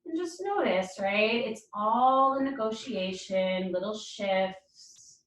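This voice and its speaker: Calm yoga instructor woman, roomy echo. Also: mid-range voice, slow pace, recorded from a distance, a little hiss or hum. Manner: calm, encouraging, short spoken cues. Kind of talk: guided yoga class cues. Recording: roomy echo, speaker away from mic.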